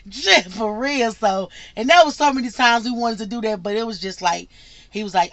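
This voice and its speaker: Bright, chatty woman telling her story. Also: mid-range voice, moderate pace, no echo. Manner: chatty, repeats herself, acts out quotes. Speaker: truck driver vlogger answering questions. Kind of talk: casual Q&A vlog.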